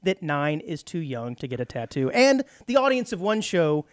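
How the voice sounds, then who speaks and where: A man's voice: on the high side, big pitch swings, normal speed, no room sound, studio quality. Man reading news with teasing quips. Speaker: radio show co-host. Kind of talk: casual chat, reading news items. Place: radio studio.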